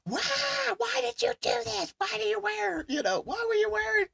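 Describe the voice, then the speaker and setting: A man's voice: animated, normal speed, creaky, bright, forceful tone, dry recording, clean studio sound, exaggerated voice. A shrieking, panicked young guy. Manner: shrill, frantic repeated questions. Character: panicked young man with a high voice, screaming on a fair ride.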